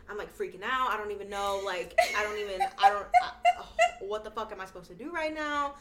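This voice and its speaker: A woman's voice: mid-range voice, quick pace, hardly any pauses, fairly bright tone, slight background noise. A young woman co-hosting a casual podcast, dry and self-deprecating, swearing heavily. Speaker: podcast co-host. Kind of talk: casual chat.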